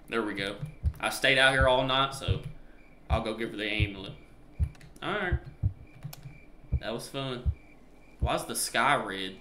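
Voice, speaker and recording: A man with an American country accent, joking and chatting through a horror game as a streamer, loud when scared. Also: mid-range voice, reverberant, a little hiss or hum. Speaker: gaming streamer. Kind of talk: live gameplay commentary.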